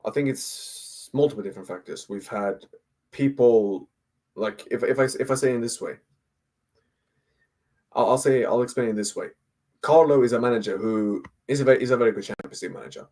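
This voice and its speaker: A man's voice: mid-range voice, a little fast, darkish tone. A man ranting as a football fan guest, repeating himself and asking "yeah?" over and over. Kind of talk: heated fan rant.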